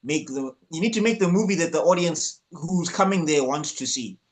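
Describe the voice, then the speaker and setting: A man's voice: a little high, expressive, moderate pace. A man co-hosting a casual movie podcast, arguing his point in a thoughtful, hesitant way with many ums. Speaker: podcast co-host.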